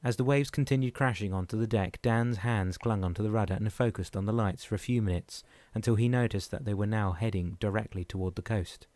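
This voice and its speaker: Male audiobook narrator, low and even, dry booth sound. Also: a little fast, few pauses, dry recording. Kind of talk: scripted narration.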